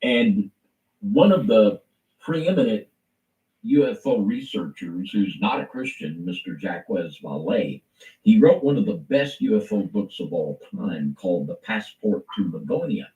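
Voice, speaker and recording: A preacherly male co-host with a lowish voice that rises and falls widely as he drives his points home. He sounds set back from the mic in an echoey room, like someone talking across a hard-walled space. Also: animated, measured pace, warm tone, distant mic, muffled recording. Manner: preacherly, swinging between low and emphatic. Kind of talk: impassioned religious commentary.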